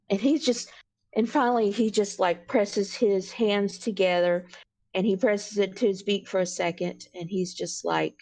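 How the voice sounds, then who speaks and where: A woman player describing her character's actions in a tabletop role-play game, talking in a giggly, rambling, halting way over an online voice call. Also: medium pitch, creaky, darkish tone.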